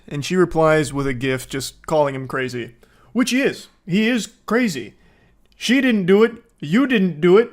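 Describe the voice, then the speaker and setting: A man reads out a stranger's text messages and picks them apart with sarcastic, swearing commentary. His voice sits a little high for a man, and he sounds openly incredulous. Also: lively intonation, moderate pace.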